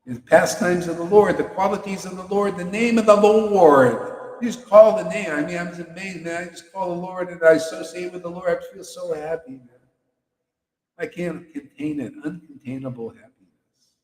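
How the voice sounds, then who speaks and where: A man's voice: sits high, normal speed, darkish tone. A man giving a fervent, playful devotional talk, laughing often. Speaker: devotional speaker. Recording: roomy hall reverb.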